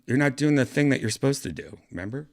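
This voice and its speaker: A man's voice: medium pitch, expressive, quick pace, gravelly. A man hosting a casual livestream chat, rambling and hesitant, full of fillers and restarts. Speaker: podcast host.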